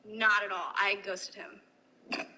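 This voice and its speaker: A woman's voice: medium pitch, flat delivery, slow pace, bright, forceful tone, slight background noise, poor audio. A young woman talking casually as a podcast guest, trailing off and laughing easily.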